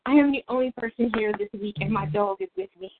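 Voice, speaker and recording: A woman's voice: a little high, animated, fast talker, noisy background. A woman leading a casual Bible study on a prayer call, chatty and laughing easily. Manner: chatty, laughs often, self-interrupting. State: out of breath. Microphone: phone call. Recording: tinny phone line.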